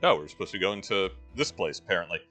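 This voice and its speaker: A man's voice: low voice, lively intonation, fast, bright, forceful tone, faint music behind. A man giving casual, wry commentary while playing a role-playing game, with rambling history asides. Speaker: let's-play host.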